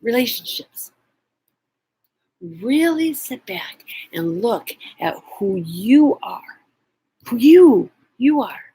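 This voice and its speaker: A woman's voice: a little high, very animated, takes it slowly, long pauses, mellow, slightly rough, rough recording. A middle-aged woman vlogger telling a personal story, earnest and emotional, sometimes dropping to near whispers.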